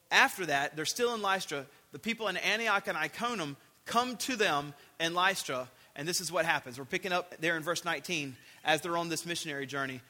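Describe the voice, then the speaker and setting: A man preaching a sermon, animated, acting out quoted voices and shouting for emphasis. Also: fairly high pitch. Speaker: pastor. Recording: long hall reverb.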